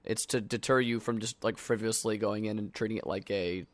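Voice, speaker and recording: Chatty mid-pitched man with dry sound. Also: steady tone, a little fast, dry recording. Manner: loose and chatty, full of fillers, mimics gamers. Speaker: podcast co-host. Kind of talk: casual chat over an online call.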